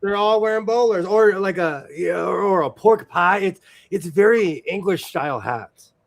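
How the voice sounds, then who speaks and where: A man's voice: sits high, normal speed, creaky. A man from the US West Coast hosting a casual sewing chat, rambling and laughing often as he tells stories. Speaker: sewing stream host.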